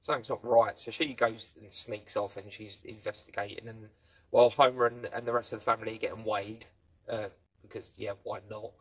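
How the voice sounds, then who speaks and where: A man's voice: lowish voice, little pitch movement, brisk, a bit bright. A man giving a casual spoken review, rambling through the plot and playfully acting out quoted lines. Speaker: film and TV reviewer.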